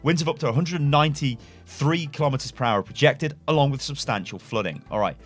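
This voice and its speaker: Soft music plays behind this young man's medium-pitched, slightly rough voice, which moves a little fast. He's a gaming YouTuber at a desk webcam setup, reading lore aloud and speculating in a rambling way with chuckles and self-corrections.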